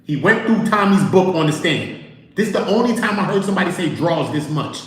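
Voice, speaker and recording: This livestream host has a high-sitting voice and a brisk pace, captured in a low-quality, heavily echoing recording. He tells stories with lots of animation, performs the quotes, and addresses his chat directly.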